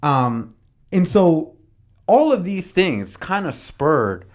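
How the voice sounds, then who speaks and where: A man's voice: on the high side, sing-song, slow. A man hosting a podcast, chatting casually about history, reading passages from notes and adding slangy, dramatized asides. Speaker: podcast host.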